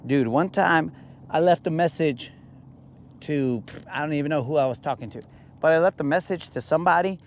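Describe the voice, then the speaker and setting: A young man from New Mexico chats while fishing from a boat out on a lake, in a slightly higher register. He tells stories in a loose, joking way and stretches some lines out for fun. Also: slight background noise. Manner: laid-back, jokey, drawn-out playful lines. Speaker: fishing vlogger. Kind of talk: casual storytelling while bass fishing.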